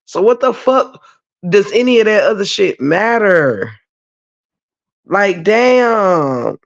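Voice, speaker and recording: A woman's voice: mid-range voice, lively intonation, takes it slowly, creaky. A woman ranting profanely and rambling in livestream commentary, stopping to greet viewers in the chat. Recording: dull lo-fi stream audio.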